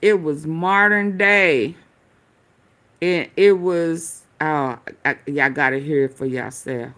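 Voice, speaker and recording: A woman's voice: sits low, slow pace, a bit bright. A woman hosting casual commentary, rambling straight to her viewers and swearing as she hunts for clips to react to. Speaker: commentary channel host.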